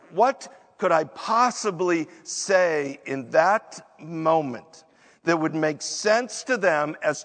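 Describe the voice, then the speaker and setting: A man preaching a sermon, emphatic, acting out excuses in quick asides. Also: on the high side, fairly bright tone, big-room sound. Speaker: pastor.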